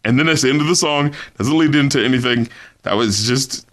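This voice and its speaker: A man co-hosting a casual album review podcast, animated and laughing, mocking rappers with low mumbly impressions. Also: fairly quick. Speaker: podcast co-host.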